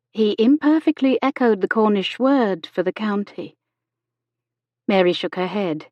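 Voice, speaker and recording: A woman reading an audiobook as narrator, gentle and measured in her reading. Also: mid-range voice, dry recording. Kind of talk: scripted narration. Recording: dull lo-fi dry audio.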